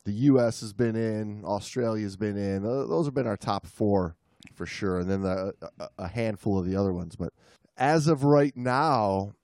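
A man's voice: on the low side, moderate pace, a little mellow, no echo, clean studio sound. A man co-hosting a casual podcast, rambling with many fillers and restarts. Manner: rambling, lots of you-knows, mock accents for laughs. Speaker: podcast co-host. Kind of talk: casual chat.

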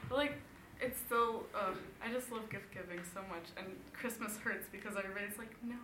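Enthusiastic young woman, bright echoey voice. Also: medium pitch, brisk. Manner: enthusiastic, emphatic. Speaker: friend in group chat. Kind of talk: casual chat. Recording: echoey room, faint noise.

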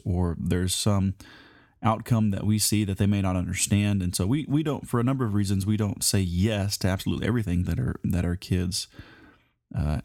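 A man with a very low, mellow voice teaches a Bible lesson like a sermon. He talks in a conversational, unhurried way, pausing on fillers and restarting his phrases. The sound is dry and close. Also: gravelly, no echo. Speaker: preacher.

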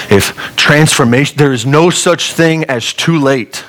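A man's voice: medium pitch, a little slow, fairly bright tone, rough recording. A male pastor preaching a sermon in a conversational way, with joking asides.

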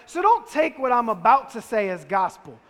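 A man's voice: very high voice, big pitch swings, normal speed, fairly bright tone. A man preaching a sermon in a conversational style, firing off rhetorical questions at his listeners. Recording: long reverb of a large hall.

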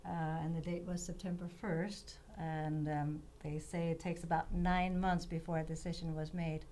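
A woman's voice: low voice, little pitch movement, normal speed, warm tone, slight background noise. A woman in her fifties from Denmark, a guest on a radio show, telling her story in an earnest way. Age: 50s. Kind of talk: casual radio interview.

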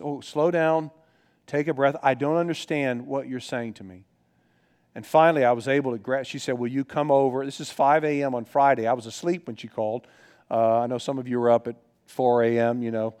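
A middle-aged male pastor delivers a sermon in an earnest, conversational manner. His voice sits at an everyday pitch, and he drifts into personal stories, often restarting his sentences as he goes. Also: a little mellow.

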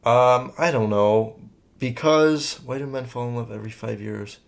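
A young man talks casually on his own podcast, rambling through listener questions with plenty of fillers. He swears freely and keeps a loose, offhand tone at a middling pitch. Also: normal speed, creaky. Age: young adult. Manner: rambling and profane, many fillers. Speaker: podcast host. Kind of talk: casual solo podcast chat.

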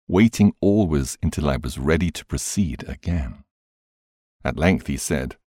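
A man narrating an audiobook in a measured, expressive reading. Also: rumbling low, breathy edge, dry recording, clean studio sound.

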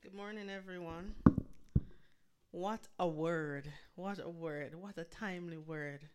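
A woman minister speaks slowly after a sermon, her voice smooth and clear. She repeats each earnest appeal in a measured, patient way. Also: on the low side. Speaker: church minister giving the altar call. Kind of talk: sermon follow-up and invitation.

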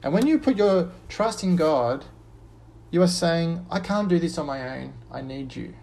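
A man preaching an earnest sermon, lifting his voice on quoted verses and dropping low and soft on a repeated refrain. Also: animated, a little slow.

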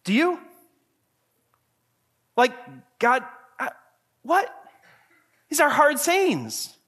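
A male pastor delivering a sermon in an earnest, conversational way, swinging from quiet, low passages to loud, emphatic questions. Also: very animated, extremely slow. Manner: earnest, conversational preaching with frequent restarts.

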